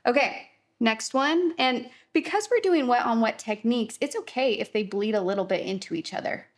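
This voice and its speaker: A woman's voice: a little high, lively intonation, moderate pace. A young adult woman teaching a casual watercolor painting tutorial, chatty and reassuring. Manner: chatty, upbeat, reassuring, lots of fillers like "kinda".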